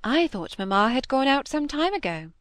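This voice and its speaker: A woman's voice: high-pitched, very animated, moderate pace, smooth, no echo, pitched above the performer's own voice. A woman reading aloud, voicing a witty, teasing young woman with an arch, playful manner. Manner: arch, playful, lightly scornful.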